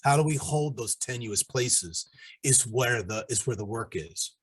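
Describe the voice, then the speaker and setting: A middle-aged man on a discussion panel, telling animated stories and acting out the voices of people he quotes. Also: medium pitch, a little slow, breathy edge.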